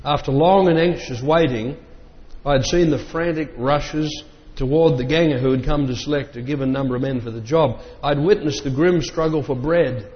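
A man reading an old memoir aloud in a measured voice, breaking off now and then for plain asides. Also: a little high. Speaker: reader. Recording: dull lo-fi sound with long reverb.

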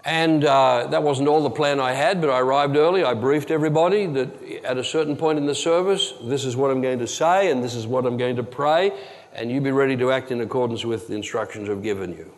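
A man preaching a sermon as pastor, telling a story earnestly and dropping to a hush at tense moments. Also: mid-range voice, a little fast. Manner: earnest, drops to a hushed tone for dramatic moments. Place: church hall. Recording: long hall reverb.

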